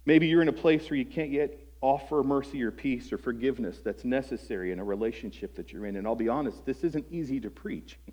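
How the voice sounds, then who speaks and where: A man's voice: mid-range voice, fairly quick, few pauses, darkish tone. A man preaching a sermon as pastor, earnest and conversational, asking his listeners questions. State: voice breaking with emotion at times.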